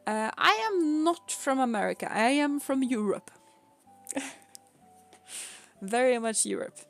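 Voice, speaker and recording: Slow, giggly Swedish woman streaming. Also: fairly high pitch, lively intonation, gravelly, faint music behind. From Sweden. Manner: chatty, giggly, rambling with repeated words. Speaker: game streamer. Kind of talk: casual chat while streaming a game.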